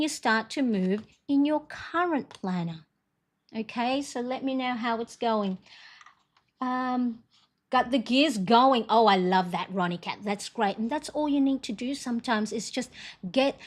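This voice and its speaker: Chatty woman hosting a live stream. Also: fairly high pitch. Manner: chatty, rambling, warm encouragement with frequent fillers. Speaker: livestream host. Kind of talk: casual live stream chat.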